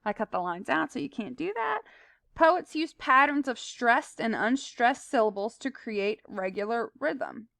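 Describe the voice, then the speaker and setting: A woman's voice: on the high side, animated, a little slow, gravelly, a bit bright, dry recording, clean studio sound. A woman teaching a recorded lesson, explaining terms plainly with fillers and asides.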